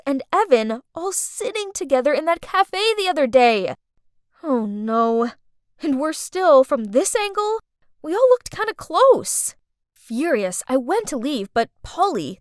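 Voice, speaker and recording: A woman narrating an animated story in the first person, expressive and dramatic. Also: high-pitched, moderate pace, dry recording, clean studio sound.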